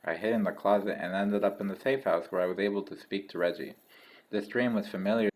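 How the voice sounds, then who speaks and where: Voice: low-pitched, steady tone, fast talker, a little mellow, slight background noise, poor audio. A young adult chatting casually with a friend and reading story narration, with dry jokes. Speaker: co-reader. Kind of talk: casual let's-read chat and narration.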